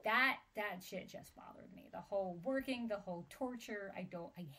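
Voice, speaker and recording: A woman's voice: mid-range voice, normal speed, bright, forceful tone. A woman co-hosting a book podcast, chatting casually and reacting expressively, with frequent exclamations and laughter. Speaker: podcast co-host.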